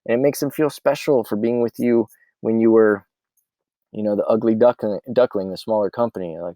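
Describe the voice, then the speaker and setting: A man who runs a meal prep business, casually walking through his ordering software and thinking aloud as he goes. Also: lowish voice, moderate pace, no echo. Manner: rambling and offhand, thinking aloud.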